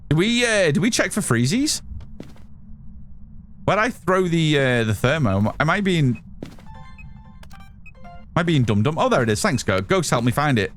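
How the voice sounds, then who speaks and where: A man's voice: on the high side, big pitch swings, moderate pace, fairly bright tone, soft background music. A British man chatting casually with viewers while playing a game on a live stream. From United Kingdom. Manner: chatty, reads out and answers chat while playing. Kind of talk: casual live gameplay commentary.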